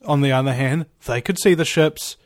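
A male host in casual conversation, halting with many fillers and restarts, telling stories. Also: mid-range voice, no echo, clean studio sound. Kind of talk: conversational interview.

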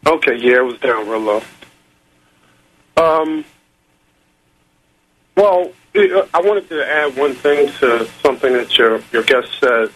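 A man calling in to a talk radio show, speaking in a polite, hesitant and halting way. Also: medium pitch, fairly bright tone, poor audio. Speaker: caller. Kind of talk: phone-in call.

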